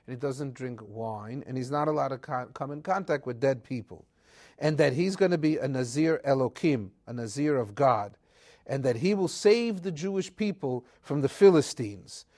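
A man telling a weekly Torah portion as a lively story, acting out the characters' quotes and mixing Hebrew terms into casual English. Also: mid-range voice, normal speed. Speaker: Torah teacher.

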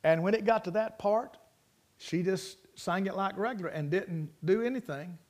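High-voiced folksy preacher man. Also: moderate pace, a little mellow. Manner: folksy, rambling, plainspoken. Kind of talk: sermon with storytelling.

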